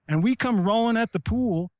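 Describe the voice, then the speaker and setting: A middle-aged American man, a retired Army Ranger, telling stories in casual talk, animated and profane, shouting out the lines he quotes. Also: sits high, no room sound, clean studio sound. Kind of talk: casual storytelling.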